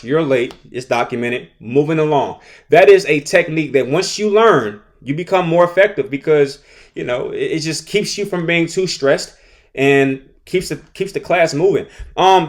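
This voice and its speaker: A man hosting a solo podcast for teachers, talking casually and repeating himself as he gives advice. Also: fairly high pitch. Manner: conversational, repeats himself, acts out angry teachers and rude students.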